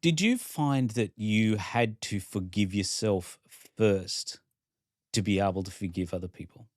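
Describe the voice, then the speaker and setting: A man hosting a podcast interview. He affirms his guest warmly and repeats phrases for emphasis. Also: on the low side, a little slow, no room sound, studio quality. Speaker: podcast host.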